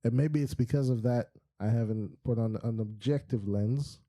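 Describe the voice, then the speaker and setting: A man co-hosting a pop culture podcast, telling stories in a casual, slangy and animated way. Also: medium pitch, moderate pace. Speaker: podcast co-host. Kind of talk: casual chat.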